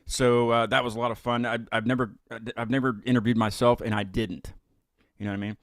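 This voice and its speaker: A man's voice: mid-range voice, little pitch movement, fairly quick, dry recording, clean studio sound. Rambling, chatty male talk-show host. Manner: rambling, chatty, many restarts and fillers. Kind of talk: casual live-stream chat.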